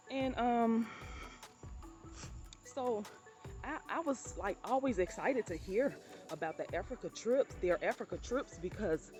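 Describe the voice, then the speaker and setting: A woman's voice: on the low side, a little mellow. A woman, chatting to her viewers in a casual storytelling vlog and calling them honey. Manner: chatty, addresses viewers as honey and you all. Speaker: vlogger telling personal stories.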